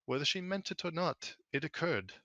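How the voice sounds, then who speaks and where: A man's voice: fairly high pitch, animated, normal speed, sharp tone, no echo, pitched above the performer's own voice. A man doing a clipped, commanding sorceress. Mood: cold. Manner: clipped, cool. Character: clipped, authoritative sorceress, woman.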